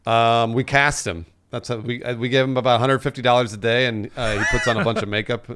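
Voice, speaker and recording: A man hosting a podcast, chatting casually and telling bits with animated, laughing energy. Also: medium pitch, quick pace, background noise. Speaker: podcast host. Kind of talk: casual chat.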